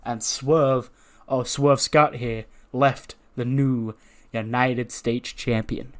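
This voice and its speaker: A man's voice: medium pitch, steady tone. Guy narrating his wrestling sim save, storytelling, does little voices for the wrestlers. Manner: storytelling, acts out wrestlers' lines in quick voices. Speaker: game narrator.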